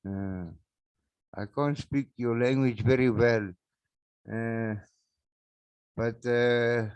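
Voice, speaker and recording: A South African man hosting a solo podcast, rambling and mocking, with sudden loud outbursts and laughs, on a backup microphone. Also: mid-range voice, drawn-out words, long pauses, clean tone, no room sound. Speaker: podcast host.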